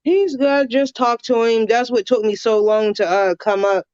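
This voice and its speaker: A woman's voice: fairly high pitch, normal speed, a little mellow, no echo. A woman guest chatting on a livestream, rambling and laughing easily over a computer mic at home. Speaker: guest, viewer. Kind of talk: casual livestream chat. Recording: dull lo-fi call audio.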